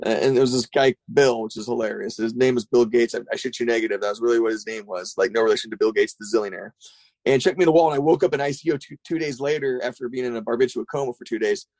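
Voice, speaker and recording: Fast-talking gravelly man, casual and profane. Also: medium pitch, dry recording. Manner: profane, rambling, animated storyteller. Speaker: skate shop owner. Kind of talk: casual podcast chat.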